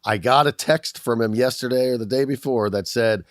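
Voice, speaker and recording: A man's voice: medium pitch, normal speed, no room sound, studio quality. A man co-hosting a casual podcast, joking and bantering in a self-deprecating way. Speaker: podcast co-host. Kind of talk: casual chat.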